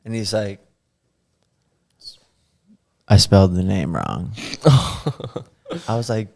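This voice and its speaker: A young man telling a funny story on a podcast in casual chat, animated and often laughing as he acts out the quotes. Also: sits low, takes it slowly, gravelly, long pauses.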